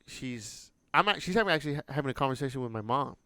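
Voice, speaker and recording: A man co-hosting a podcast, telling a story in casual chat, animated and swearing freely. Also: mid-range voice, quick pace, clear, resonant tone, no echo. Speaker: podcast co-host.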